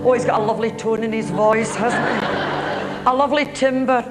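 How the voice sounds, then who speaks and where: A woman's voice: fairly high pitch, fairly even intonation, fairly quick, loud music behind the voice. A woman comedian with a Glaswegian Scottish accent, telling a gossipy, chatty comic monologue live in a theatre. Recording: live theatre recording with audience noise.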